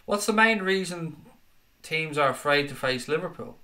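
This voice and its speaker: A man's voice: a little high, expressive, moderate pace, pushed and bright. A man hosting a fan live stream, chatting casually, reading out viewer comments and calling people mate. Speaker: fan channel host reading live chat.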